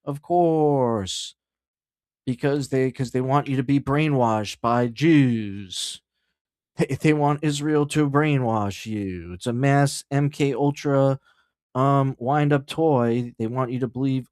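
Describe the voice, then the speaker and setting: A man's voice: medium pitch, takes it slowly, no room sound. Profane rambling man, dry sound. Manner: reads headlines aloud then riffs. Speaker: streamer host. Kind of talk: casual livestream commentary.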